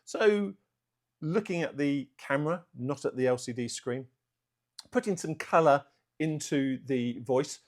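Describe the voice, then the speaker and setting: Filming an unscripted vlog for his art channel from a room at home, a man talks to camera in a self-aware way. He tries for slow, deliberate delivery, yet fillers still creep in. His voice is fairly high with a darkish tone.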